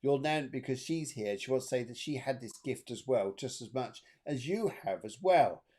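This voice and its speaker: A man's voice: lively intonation, moderate pace, a little mellow. A man hosting a live-streamed psychic reading show, chatty and upbeat as he passes on messages. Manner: chatty and upbeat, sings snatches of song in falsetto. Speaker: spiritual medium, co-host.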